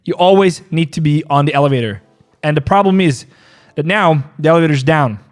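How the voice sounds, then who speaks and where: A man hosting a trading livestream, chatting loosely and joking between chart talk, often repeating himself. His voice sits a little high for a man. Faint music plays underneath. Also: a little fast. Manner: joking, laughing, repeats phrases. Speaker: crypto trading stream host. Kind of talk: casual livestream chat and market analysis.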